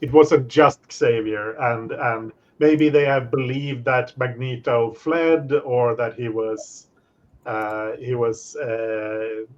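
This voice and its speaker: A man's voice: medium pitch, steady tone, slow. A man hosting a casual planning chat, agreeable and easygoing, often saying yeah several times. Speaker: host. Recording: dull lo-fi audio.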